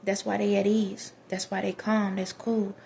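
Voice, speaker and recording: A woman's voice: medium pitch, level tone, normal speed, gravelly, darkish tone, slight background noise. A woman vlogger giving casual spiritual advice to her viewers, emphatic and preachy, often repeating herself.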